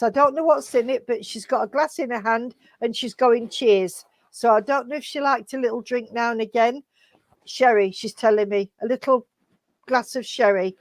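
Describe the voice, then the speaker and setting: A woman's voice: fairly high pitch, no room sound. A woman working as a medium, tenderly passing on spirit messages and what she is shown. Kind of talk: giving spirit messages in an online healing service.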